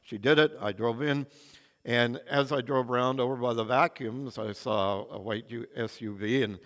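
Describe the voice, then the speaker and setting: A man's voice: medium pitch, moderate pace, a bit bright. An older man preaching a sermon in a church, telling stories with earnest, dramatic swings of emphasis. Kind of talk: sermon with anecdotes. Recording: long reverb of a large hall.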